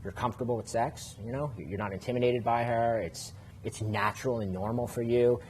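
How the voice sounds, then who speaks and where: A man's voice: mid-range voice, steady tone, brisk, darkish tone. Man coaching on dating, faint background noise. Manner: explains at length, many fillers and restarts. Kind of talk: casual podcast chat.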